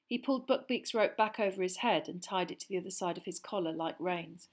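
A woman narrating a storybook in a steady, measured reading voice. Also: fairly low pitch. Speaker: audiobook narrator.

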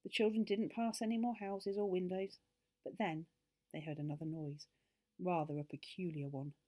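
A woman gently and expressively reading a children's book aloud as a storyteller. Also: on the low side, fairly even intonation, normal speed.

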